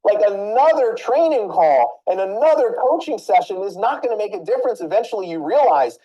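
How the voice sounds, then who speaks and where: A woman business coach giving a training talk, telling a story and speaking straight to her listeners with quick questions. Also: medium pitch, lo-fi sound. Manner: animated, addresses listeners directly with rhetorical questions.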